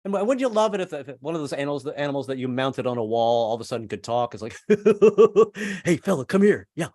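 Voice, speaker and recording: A man's voice: mid-range voice, rapid-fire, darkish tone, dry recording. A man in his seventies, performing a rambling, self-deprecating stand-up set over a video call from home. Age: 70s. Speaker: stand-up comedian.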